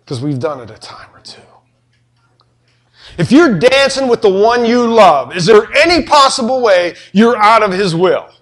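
A middle-aged preacher with a fairly high voice, telling homey stories and jokes to his congregation. He swings between soft asides and animated, emphatic preaching. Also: normal speed. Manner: folksy, joking, animated storytelling. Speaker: pastor. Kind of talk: sermon.

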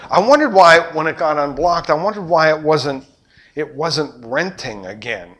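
Older man, pastor, somewhat high voice, impassioned sermon delivery with rhetorical questions and swings in volume. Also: lively intonation, moderate pace. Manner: impassioned preaching, rhetorical questions, surging and dropping loudness.

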